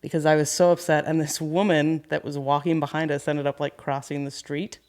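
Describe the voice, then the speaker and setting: Candid woman in her thirties, podcast guest, animated work stories. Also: sits low, brisk. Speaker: guest, carpentry business owner. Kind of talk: casual podcast storytelling.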